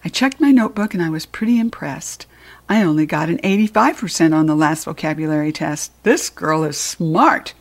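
A woman narrating a children's storybook in the first person with an expressive read-aloud delivery. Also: low voice, normal speed. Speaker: storybook reader.

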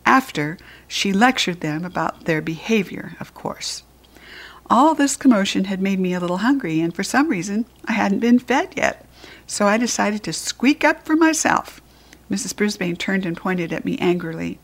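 A woman narrating a children's book aloud in an expressive, lively way. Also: mid-range voice, normal speed. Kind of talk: read-aloud storytelling.

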